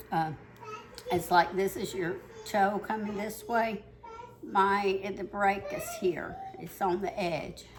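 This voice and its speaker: An older woman from the Missouri Ozarks, with a fairly low, darkish voice, rambles through a casual cooking demonstration in her home kitchen. She's chatty and out of breath, using many fillers, with slight background noise.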